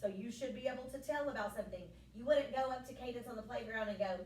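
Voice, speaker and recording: A woman teacher giving a lively science lesson to children in a classroom, often checking with them. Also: on the high side, fast talker, few pauses. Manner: lively, playful, asks frequent check questions. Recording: echoey classroom from far off, faint room noise.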